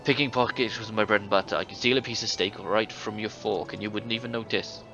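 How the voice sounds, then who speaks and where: A man with a fairly low, steady voice talks fast, lightly acting the part of a middle-aged former thief in a video game who spins tales with hearty, boastful relish. The character is an older ex-thief, a boisterous tavern storyteller. Music plays in the background, and the game audio is dull with a faint hiss.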